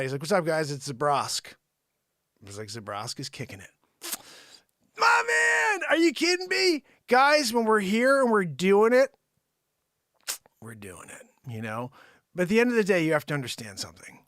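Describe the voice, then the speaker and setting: Animated, hyped male live-stream host. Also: a little high, dry recording, clean studio sound. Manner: hyped, animated, talks to viewers. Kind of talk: live-streamed improv comedy show.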